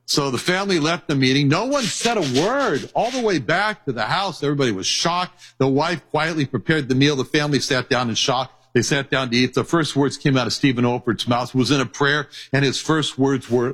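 A man preaching a sermon, earnest, repeating scripture references and slowing down on key phrases. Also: mid-range voice, expressive, a bit bright, slightly rough, low-quality recording.

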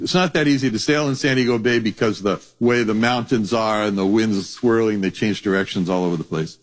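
A male Bible teacher with a mid-range voice preaches a sermon in an animated, conversational storytelling style, acting out the voices of characters.

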